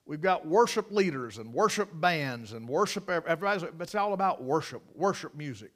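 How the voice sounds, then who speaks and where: A man preaching a sermon, folksy and emphatic, with many restarts and loud repeated cries. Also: a little high, lively intonation, fairly quick.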